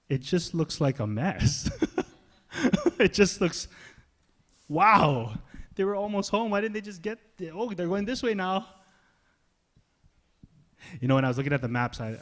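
A male pastor preaching a sermon in a casual, conversational way, swinging between loud emphasis and soft, hushed asides. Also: mid-range voice. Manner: casual, conversational phrasing with slang.

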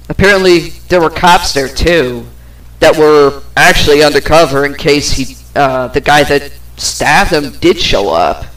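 A woman hosting a podcast, telling a personal story in a blunt, profane, casual way. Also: low-pitched. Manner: blunt and profane, slow, with many pauses. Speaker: podcast host. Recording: distant from the microphone.

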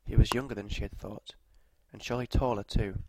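Male narrator, dark and mellow tone, flat and measured, for a scripted story read. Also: on the low side, no echo, rough recording.

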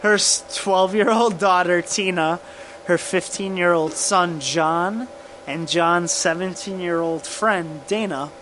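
A man co-hosting a podcast, telling a true crime case in casual profane chat, halting and laughing often. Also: sits high, noisy background. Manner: slow, halting, laughs often, drinking whiskey.

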